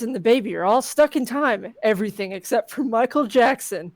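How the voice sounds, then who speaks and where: A woman's voice: fairly high pitch, expressive, a little fast, no echo. A woman co-hosting a game stream, reading out the story text with joking asides. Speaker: co-host. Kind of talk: playing a text adventure game. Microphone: desk microphone at home.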